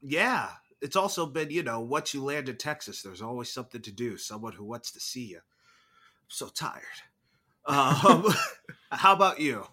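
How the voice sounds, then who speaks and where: A man's voice: medium pitch, big pitch swings, unhurried, bright, forceful tone, husky. A man co-hosting a movie podcast, chatting casually in a giggly, playful way. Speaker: podcast co-host. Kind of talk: casual chat.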